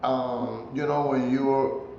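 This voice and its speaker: An older man as an interview guest, telling stories in an easygoing way with frequent pauses and filler sounds. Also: medium pitch, gravelly, reverberant, lo-fi sound, a little hiss or hum. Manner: relaxed storytelling with frequent hesitations. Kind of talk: conversational interview.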